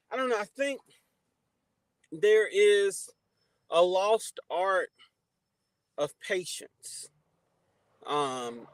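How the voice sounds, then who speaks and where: Livestream host, male, fairly high voice, dry close sound, chatty shout-outs and advice. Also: no echo, rough recording. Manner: shouts out chat viewers warmly by name, preachy advice. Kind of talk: casual livestream chat.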